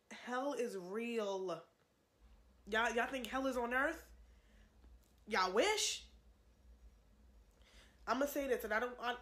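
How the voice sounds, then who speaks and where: A woman's voice: a little high, fairly bright tone. Earnest pleading young woman. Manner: earnest, repetitive, pleading, addresses viewers as y'all. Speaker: vlogger giving testimony. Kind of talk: religious testimony to camera.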